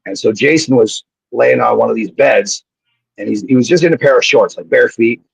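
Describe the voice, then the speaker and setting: A man, a former pro wrestler appearing as a guest, telling animated and profane stories in a casual way, often restarting his sentences. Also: medium pitch, normal speed, creaky, slightly rough, no room sound. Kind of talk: casual storytelling on a live show. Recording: dull lo-fi sound.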